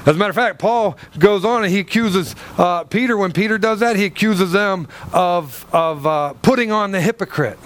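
Pastor guy preaching hard in church, kinda high voice, little bit of hiss behind. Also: normal speed, few pauses, fairly bright tone. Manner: fervent, rhetorical questions, dramatic pitch swings. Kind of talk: sermon.

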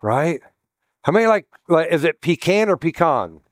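Chatty pastor teaching with jokes. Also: male voice, fairly high pitch, lively intonation, moderate pace, no room sound, clean studio sound. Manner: chatty, jokey asides, asks the room questions. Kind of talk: teaching sermon with congregation banter.

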